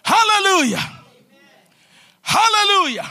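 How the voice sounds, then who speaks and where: A man preaching a fervent sermon in church, swinging between loud shouted declarations and quieter talk. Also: extremely high pitch, big pitch swings, slow. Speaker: pastor.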